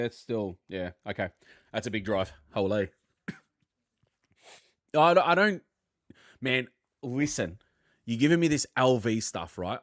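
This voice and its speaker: An Australian man hosting a live football fan stream, chatting loosely with viewers, blokey and sweary, thinking out loud. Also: fairly low pitch, dry recording, studio quality.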